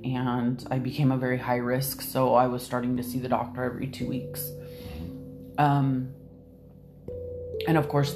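A woman guest on a podcast telling a personal story candidly, hesitant and restarting often. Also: rumbling low. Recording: soft music behind.

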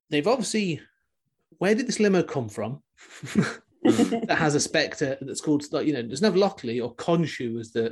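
Husky-voiced male podcast host. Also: medium pitch. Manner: rambling, self-interrupting, chuckling. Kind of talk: casual chat.

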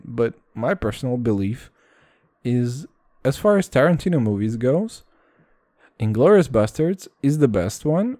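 A man's voice: a little high, dry recording, studio quality. Profane, rambling casual male vlogger. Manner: profane, animated, repeats "dude" and "all right".

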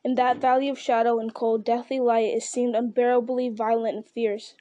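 A woman reading a fantasy novel aloud in a steady, measured voice, with the odd slip and restart. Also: on the high side, no echo, muffled recording. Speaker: audiobook reader. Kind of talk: storybook narration.

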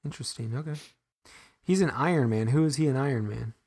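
A man's voice: mid-range voice, a little mellow, slightly rough. Rambling young man on a podcast. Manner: rambling, self-deprecating, halting restarts. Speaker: podcast co-host. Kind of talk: casual podcast chat.

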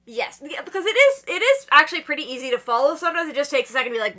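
A woman chatting on a podcast, excitedly retelling manga chapters and acting out the characters' lines between laughs. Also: high voice, rapid-fire. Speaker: podcast guest. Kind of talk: casual chat recapping manga chapters.

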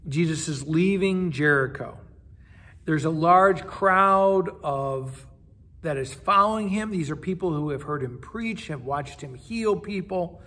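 A man's voice: a little high, animated, measured pace, sharp tone. Earnest man giving a daily devotional. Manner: earnest, conversational preaching with repeated words. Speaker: pastor.

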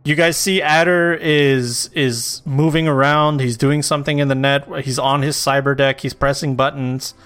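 Game master, male, mid-pitched and smooth, narrates loosely and casually. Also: steady tone, normal speed, few pauses, a bit bright. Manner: casual, swearing, loose storytelling with fillers.

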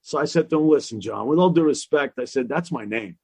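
Guy dj telling stories, kinda husky, dry close sound, does the voices of people he quotes. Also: medium pitch, quick pace, dry recording. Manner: animated storyteller, acts out quoted exchanges. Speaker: DJ guest. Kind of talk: casual storytelling chat.

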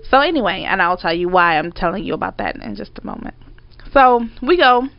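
A woman, telling a story in casual chat, animated and swearing as she acts out her own outbursts. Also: mid-range voice, fairly quick, vocal fry, no room sound. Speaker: storyteller co-host. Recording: dry, slightly dull audio.

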